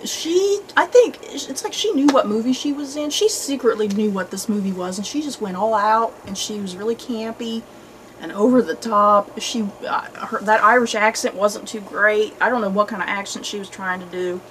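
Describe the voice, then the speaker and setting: A woman hosting a casual movie review chat, animated and chatty, often laughing. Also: medium pitch, normal speed, slight background noise, low-quality recording. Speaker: host.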